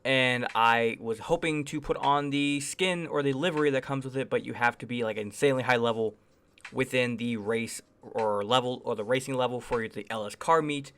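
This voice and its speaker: A man's voice: medium pitch, normal speed, a bit bright, smooth. A man hosting a gaming channel, casually rambling through enthusiastic game reviews and hedging often with phrases like "I would say.". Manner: enthusiastic, chatty. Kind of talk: casual gameplay review commentary.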